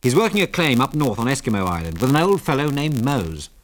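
A man voicing a calm, unflappable British pilot hero who speaks in clipped, even tones. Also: mid-range voice, brisk, pitched above the performer's own voice, natural voice. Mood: cool.

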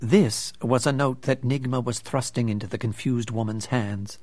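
A man's voice: fairly low pitch, steady tone, moderate pace, hardly any pauses, a little mellow, no echo. A man reading a novel aloud as narrator, with dramatic storytelling. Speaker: audiobook narrator. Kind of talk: scripted narration.

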